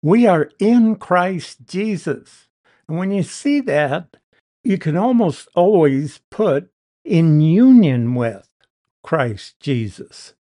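A man's voice: high-pitched, very animated, takes it slowly, mellow. A man teaching a verse-by-verse Bible lesson, explaining and stressing key words with emphasis.

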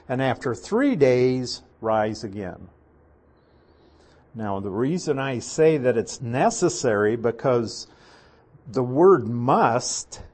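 A man's voice: medium pitch, a little mellow. A man preaching a verse-by-verse Bible teaching, who explains Greek words and repeats his key points. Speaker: pastor.

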